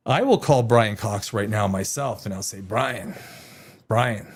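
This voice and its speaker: A man's voice: on the low side, animated, moderate pace, breathy edge. A man hosting a live stream, reacting to headlines with sarcastic, rambling casual commentary.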